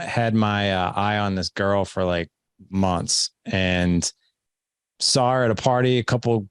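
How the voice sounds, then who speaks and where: A man hosting a podcast, telling a funny story with lively acted-out dialogue in a casual chat. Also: lowish voice, no echo. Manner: animated storyteller who acts out quoted dialogue. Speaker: podcast host.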